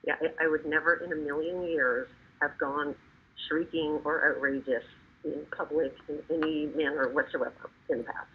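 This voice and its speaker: A woman's voice: deep voice, fairly even intonation, normal speed, slightly rough. A woman taking part in a webinar, talking casually and a little hesitantly. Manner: hesitant, self-conscious. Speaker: webinar participant. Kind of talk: casual storytelling. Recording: tinny phone-like call audio.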